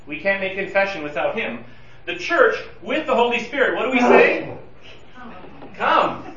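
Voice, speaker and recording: A high, bright-voiced man leads a Bible study as a pastor, heard from some distance in a large echoey room. He walks through the verses verse by verse and acts out quoted pleas with animated urgency. The recording sounds a bit dull and distant. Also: normal speed.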